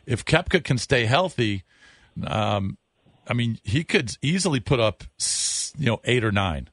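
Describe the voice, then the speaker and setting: A man's voice: medium pitch, a little slow, dry recording. A man co-hosting a sports radio show, chatting casually and agreeably with many fillers. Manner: relaxed, agreeable, filler-heavy.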